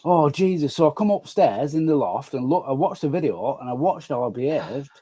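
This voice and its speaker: Husky man, rambling. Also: mid-range voice, big pitch swings, fairly quick, dark tone. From Manchester area. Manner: rambling, apologetic, sweary. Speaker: guest caller. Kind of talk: casual live chat.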